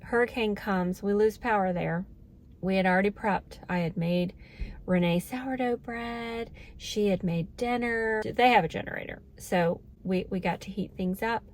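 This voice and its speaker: A middle-aged woman talks to camera casually for her vlog viewers in an unhurried, mid-range voice. She comes across as earnest and heartfelt, growing emotional at moments.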